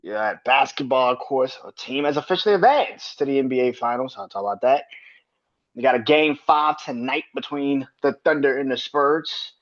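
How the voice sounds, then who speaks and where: A man's voice: medium pitch, moderate pace, highs cut off. A man hosting a casual sports podcast, ranting in an exasperated, profane and repetitive way. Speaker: podcast host.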